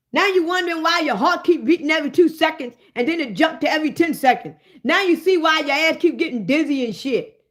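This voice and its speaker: A woman, hosting a livestream and ranting in a loud, profane, animated way. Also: very high voice. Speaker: livestream host.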